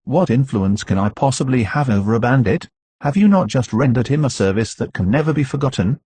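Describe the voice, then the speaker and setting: A man reading the part of an earnest, persuasive young gentleman in an audiobook. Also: medium pitch, lively intonation, brisk, breathy edge, dry recording.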